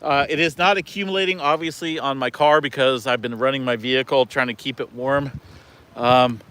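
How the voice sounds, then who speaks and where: A man hosting a casual weather vlog outdoors in falling snow beside his car, talking into a handheld camera in an excited, rambling way full of fillers and exclamations. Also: medium pitch, moderate pace, clear, resonant tone. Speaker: weather channel host.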